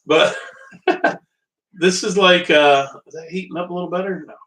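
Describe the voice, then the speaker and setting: A man's voice: sits high, steady tone, moderate pace, fairly bright tone. A man hosting a live home cooking stream, rambling and joking with viewers while he waits on his stove. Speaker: home cooking show host. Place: kitchen at a small portable stove. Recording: distant mic.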